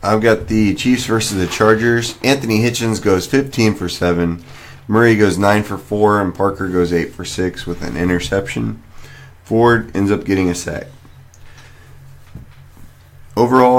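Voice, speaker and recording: Low-voiced man reading off stats. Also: steady tone, measured pace. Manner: matter-of-fact, listing stats. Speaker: podcast co-host. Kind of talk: casual fantasy football chat.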